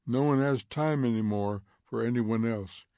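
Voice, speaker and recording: A man voicing a curious, gently odd teenage girl who talks softly and stumbles over her words. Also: mid-range voice, unhurried, dry recording, studio quality, natural voice. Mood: wondering.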